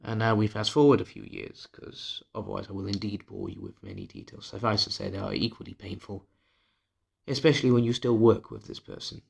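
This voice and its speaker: Speaking directly to the camera in a confessional personal vlog, a male vlogger delivers a monologue in a low, gravelly, husky voice. He's bitter and candid, cursing freely and often dropping to a hushed murmur. He stays very animated and talks fairly quickly.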